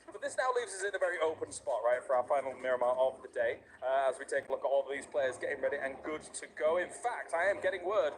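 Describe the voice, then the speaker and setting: A man hosting a live esports broadcast in a lively, joking and teasing way. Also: a little high, fast, few pauses, slight background noise. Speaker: esports desk host.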